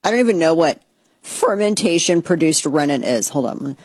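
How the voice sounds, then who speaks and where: Sarcastic vlogger rambling through casual commentary, mid-pitched voice, dry close recording. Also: moderate pace, dry recording. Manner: sarcastic, rambling, animated asides.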